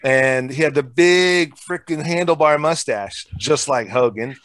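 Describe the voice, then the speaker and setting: A man telling casual, profane stories from his school days in a relaxed, chatty way. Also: on the high side, unhurried, no echo. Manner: profane, laid-back storytelling. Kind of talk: casual storytelling chat.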